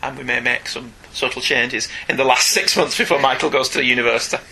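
A man's voice: mid-range voice, fairly even intonation, fast talker, vocal fry, pushed and bright, slight background noise. A man co-hosting a comics podcast, chatty and jokey, laughing often as he reads listener emails. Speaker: podcast co-host. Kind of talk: casual chat, reading listener emails.

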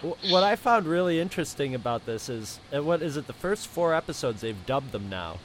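A man's voice: a little high, sing-song, a little fast, heavy background noise. A man co-hosting a casual chat, talking hesitantly with many fillers and restarts. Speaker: podcast co-host.

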